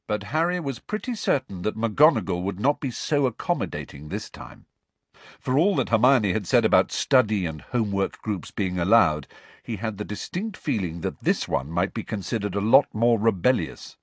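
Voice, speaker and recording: Male narrator, expressive read, husky tone, dry close mic. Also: fairly low pitch, normal speed, dry recording. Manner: expressive, voices every character. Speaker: audiobook narrator. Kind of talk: audiobook narration.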